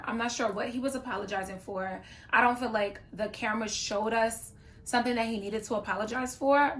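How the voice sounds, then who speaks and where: A woman's voice: a little high, fairly bright tone. A woman talking to camera in a casual reaction vlog, chatty and opinionated, with playful asides. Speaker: YouTuber reviewing a reality show.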